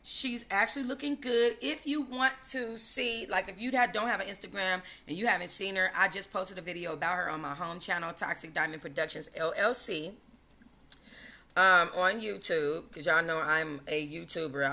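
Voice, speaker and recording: Gossip host lady on a live stream, slangy and animated, bright sharp voice. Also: moderate pace. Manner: animated and slangy, swinging between loud gushing and low asides. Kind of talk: casual live-stream commentary.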